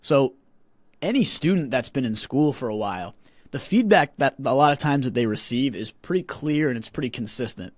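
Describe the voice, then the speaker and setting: A man in his twenties hosting a casual podcast, talking in an animated way and often repeating words as he starts sentences. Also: medium pitch, moderate pace, dry recording. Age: 20s. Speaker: podcast host.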